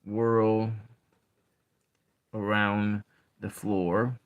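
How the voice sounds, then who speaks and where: Very slow soft-spoken man. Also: fairly low pitch, level tone, clean tone, narrow, tinny audio. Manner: slow, halting, counts syllables aloud. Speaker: ASMR channel host. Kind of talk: soft-spoken ASMR poetry session.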